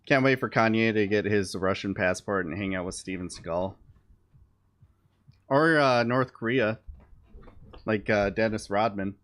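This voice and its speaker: A man's voice: lowish voice, a little slow, long pauses, fairly bright tone. A man who streams live, giving casual political commentary in a blunt, sarcastic way and swearing offhandedly.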